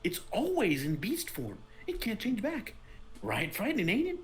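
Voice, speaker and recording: A woman's voice: a little high, huge pitch swings, brisk. A woman voicing a nosy, sly male gossip with a put-on, wavering Cockney-style accent, reading game dialogue. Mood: conspiratorial.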